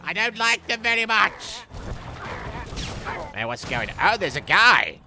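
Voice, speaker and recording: A man voicing a goofy, unhinged young male villain as he comments on a game, rambling through silly jokes with sudden shrill outbursts. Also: very animated, a little slow, over music, full character voice. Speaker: gameplay commentator. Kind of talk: comedic let's-play commentary.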